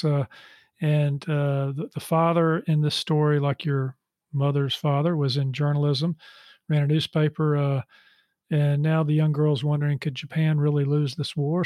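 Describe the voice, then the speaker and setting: A man's voice: fairly high pitch, darkish tone, dry recording. A man hosting an interview, speaking with a hesitant manner and many fillers. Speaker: interview host.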